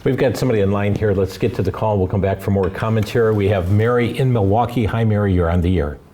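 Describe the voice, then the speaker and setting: Male call-in show host, low warm voice, slows down for the numbers. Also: slight background noise. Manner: reads phone numbers slowly and deliberately. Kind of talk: call-in talk show hosting.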